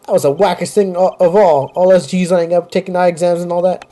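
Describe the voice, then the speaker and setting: A man's voice: high-pitched, steady tone, fast, warm tone, natural voice. A man voicing a brash young male gangster with a cocky, slang-heavy drawl in a game playthrough. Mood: swaggering.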